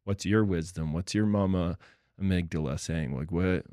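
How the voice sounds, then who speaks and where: A middle-aged man with a very low voice that is smooth and resonant, calmly explaining and affirming during a relationship talk. He is recorded close and dry. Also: normal speed, dry recording. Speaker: podcast co-host.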